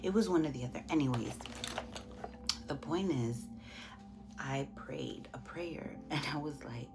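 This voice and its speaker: A young woman speaks softly in a casual get-ready-with-me chat. Her voice is low and gravelly, and she halts and restarts in an emotional way. Clear music plays behind her. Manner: soft, halting, emotional, many restarts. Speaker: vlogger. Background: background music.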